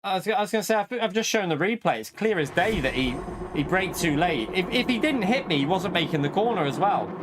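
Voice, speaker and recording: A man's voice: high voice, expressive, a little fast. A man streaming a racing game, ranting indignantly at chat between frequent laughs. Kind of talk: live racing game commentary. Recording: noisy with car engine sounds.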